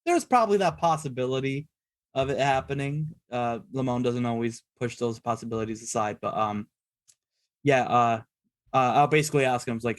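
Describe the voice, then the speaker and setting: A man's voice: mid-range voice, normal speed, dry recording. A man in the middle of a tabletop game, talking through what his character does in a loose, rambling way. He circles back, restarts and fills the gaps with ums as he plans each move. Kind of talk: casual in-character narration of actions.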